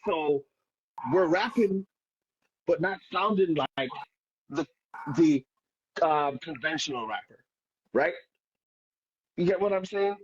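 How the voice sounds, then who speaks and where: A man's voice: a little high, expressive, slow pace, long pauses, breathy edge, dull audio. A man with a Jamaican accent, a poet guest talking casually in an interview, often restarting and asking "right?". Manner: frequent restarts and filler, rhetorical "right?".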